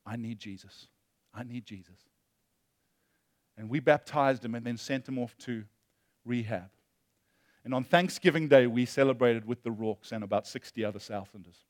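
A male pastor preaching a sermon, impassioned, moving between loud emphasis and hushed storytelling. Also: medium pitch, normal speed, no room sound, studio quality.

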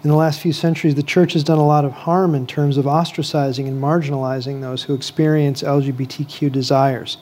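A man with a somewhat high voice moderates a panel discussion. He reads audience questions aloud and asks the panelists who wants to answer. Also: level tone, fairly quick, hardly any pauses, darkish tone.

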